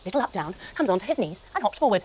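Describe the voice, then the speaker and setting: A woman narrating an animated yoga adventure for children, with gasps, sound effects and pose instructions. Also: mid-range voice, racing, background noise. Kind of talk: kids yoga story narration.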